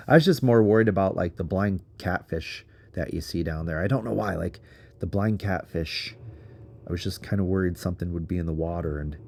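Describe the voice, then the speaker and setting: A man's voice: sits low, a little mellow, no room sound. A man casually narrating an adventure story in a chatty, giggly way, full of fillers. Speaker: underground explorer.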